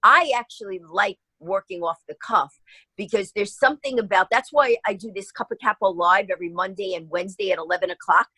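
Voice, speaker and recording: Lady guest telling a fun story, husky, does all the voices. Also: mid-range voice, brisk, no room sound, poor audio. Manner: lively, acts out voices in her anecdotes. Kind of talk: animated storytelling in an interview.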